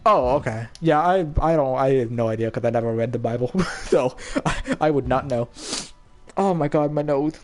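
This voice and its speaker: A young man chatting excitedly as he comments on his own gameplay, laughing often. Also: mid-range voice, moderate pace, faint music behind. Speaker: gaming YouTuber.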